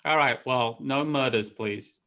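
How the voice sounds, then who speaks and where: A man playing his character in a tabletop game, joking and quick to laugh. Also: medium pitch, sharp tone. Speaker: player. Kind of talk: in-character banter.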